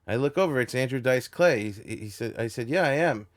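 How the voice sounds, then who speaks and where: A man's voice: medium pitch, expressive, a little fast. A man from New York, a podcast host, telling a long rambling story full of restarts. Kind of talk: storytelling in casual chat.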